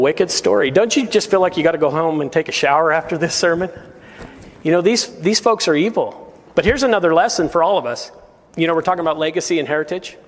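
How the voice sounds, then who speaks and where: A male pastor delivers a sermon in an earnest, emphatic way, pressing his listeners with questions. His voice sits a little higher than most men's. The sound carries a long reverb, as if from a large hall. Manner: earnest and emphatic, full of rhetorical questions to the congregation. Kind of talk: verse-by-verse sermon.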